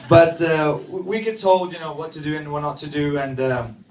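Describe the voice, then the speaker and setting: A man from Sweden, doing a stand-up comedy set with deadpan asides and quick punchlines. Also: fairly high pitch, recorded from a distance, slight background noise. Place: comedy club stage. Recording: echoey club mic from afar, crowd laughter. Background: audience laughter.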